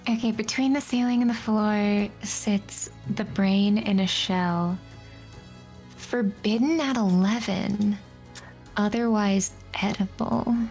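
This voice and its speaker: A woman's voice: mid-range voice, fairly even intonation, slow pace, darkish tone, faint music behind. A woman playing a tabletop game, thinking aloud and hesitating over a riddle. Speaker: player. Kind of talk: casual tabletop play.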